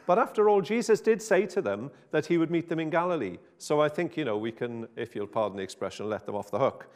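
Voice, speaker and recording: A man's voice: on the high side, quick pace, darkish tone. A man preaching an informal sermon in a chatty, wry, self-interrupting way. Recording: hall reverb.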